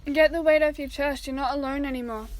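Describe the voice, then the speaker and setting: A woman's voice: high voice, fairly even intonation, quick pace, natural voice. A woman reading the part of a caring teenage girl, soothing and reassuring.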